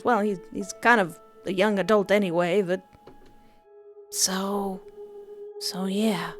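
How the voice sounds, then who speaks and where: A young woman talks through a dark visual novel in casual gaming commentary. She jokes with playful, quick asides, at a middling pitch. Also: fairly even intonation, music in the background. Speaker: let's play host.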